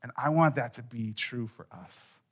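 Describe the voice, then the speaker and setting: A middle-aged man preaching a sermon as a pastor in a conversational way, dropping quiet and then rising to loud emphasis. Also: medium pitch, expressive, moderate pace, husky.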